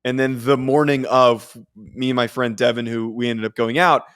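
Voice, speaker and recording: His medium-pitched voice is clear and resonant, steady in tone, fairly bright and moderately paced. This young sports podcast co-host chats casually, rambling through self-deprecating stories and restarting often.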